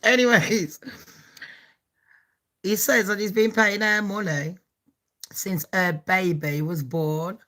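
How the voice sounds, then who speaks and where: A woman's voice: mid-range voice, fairly even intonation, slow, long pauses, a bit bright. An English woman with a Birmingham accent, hosting a gossip channel, talking in a brash, foul-mouthed way and laughing often. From England. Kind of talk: casual gossip vlog.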